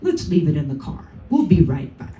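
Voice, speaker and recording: A woman's voice: sits low, big pitch swings, normal speed, mellow. A woman telling a story on stage, voicing her stubborn older sister in a curt, commanding military tone, picked up by a distant mic in a roomy club.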